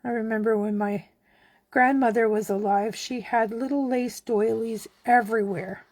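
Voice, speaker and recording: Crafter host, woman, slightly high and husky, slow friendly talk-while-working. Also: no echo. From Canada. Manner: chatty, relaxed, talks while working. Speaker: card-making demonstrator. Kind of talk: casual craft tutorial.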